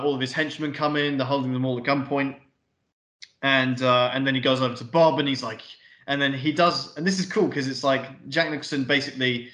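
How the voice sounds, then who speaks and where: Excited guy gushing about a movie on a podcast, swears a lot, room echo. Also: medium pitch. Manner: enthusiastic, swears casually, acts out scenes. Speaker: podcast co-host. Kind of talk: casual film review chat.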